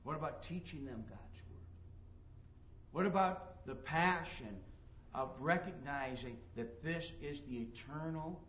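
This preacher's voice is fairly high and fairly bright, coming a little slowly through lo-fi sound with slight background noise. He preaches emphatically, reading scripture aloud and acting out the people in his stories.

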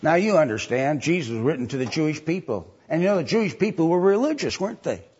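Man preaching, husky voice, lively swooping pitch, dull lo-fi recording. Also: fast. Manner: emphatic, mocking voices when quoting others. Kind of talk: sermon.

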